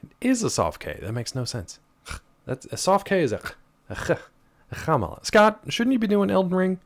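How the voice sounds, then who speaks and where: A man's voice: high voice, wildly swooping pitch, normal speed. A man streaming a game live, chatting casually and teasing his chat as he answers them.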